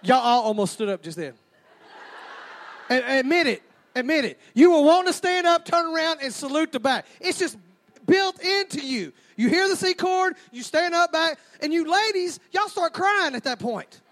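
Male stand-up, very high pitch, animated storyteller. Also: moderate pace. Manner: animated, mimics sounds and crowds. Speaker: stand-up comedian.

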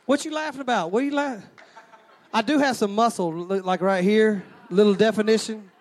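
A man's voice: high-pitched, a little fast. A man preaching a sermon, folksy and joking as he calls out to the crowd.

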